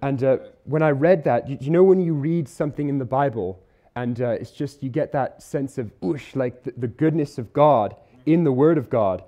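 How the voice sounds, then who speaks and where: A man delivers a church sermon in an earnest, conversational way. His voice sits at an ordinary pitch with a soft, mellow warmth. He slows down deliberately to stress the key words. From Isle of Man or UK. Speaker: preacher. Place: church hall.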